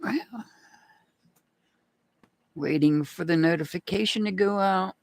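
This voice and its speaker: A woman's voice: lowish voice, slow, vocal fry, a little mellow, no echo. A woman hosting a live rune reading stream, chatting casually and greeting viewers by name. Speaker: rune reader.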